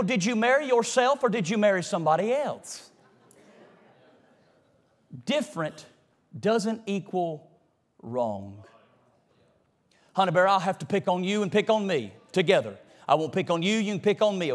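A high-pitched man preaches a folksy sermon in a church. He talks straight to the congregation, rising to loud emphasis, then dropping to a near hush. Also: lively intonation, moderate pace, pauses often. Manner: folksy, call-and-response preaching, swings from loud to hushed. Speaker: pastor. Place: church sanctuary.

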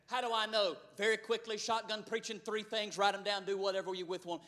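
A man preaching a sermon, telling a story and building to shouted preaching. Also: sits high, little pitch movement, brisk, few pauses.

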